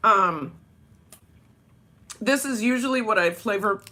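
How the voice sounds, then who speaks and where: A woman's voice: medium pitch, animated, unhurried, long pauses, sharp tone. A woman vlogging casually over breakfast at home, chatty and rambling, laughing often. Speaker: vlogger and dance teacher.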